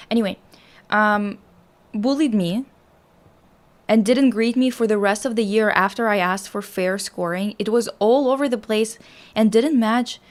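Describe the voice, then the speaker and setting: Young woman streamer, blunt and foul-mouthed, mid-range voice, casual chat. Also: mid-range voice. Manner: blunt, swearing, animated reactions. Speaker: streamer host.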